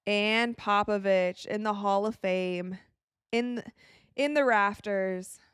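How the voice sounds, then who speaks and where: An excitable woman from the United States giving casual live commentary while watching a game, tired and yawning, with quick reactions and frequent laughs. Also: medium pitch, smooth, no echo, studio quality. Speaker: live-stream sports commentator.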